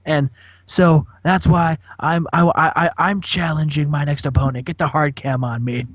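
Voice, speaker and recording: A man casually narrating a wrestling sim game, excitable and prone to stumbling over words. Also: a little high, normal speed, no echo. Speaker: video game streamer. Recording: dull dry lo-fi mic.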